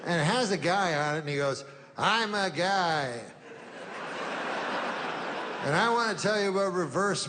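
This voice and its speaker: A man doing stand-up comedy on a club stage into a handheld mic, deadpan and rambling with folksy asides, as the audience laughs. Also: on the high side.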